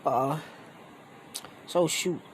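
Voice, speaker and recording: A man's voice: on the high side, drawn-out words, slight background noise, poor audio. A young man casually retelling a fan story, rambling with lots of slang and fillers.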